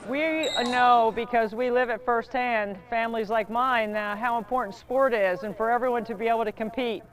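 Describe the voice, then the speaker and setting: A woman's voice: on the high side, fairly even intonation, normal speed. A woman with a Southern US accent, upbeat and chatty, hosting a live charity stream.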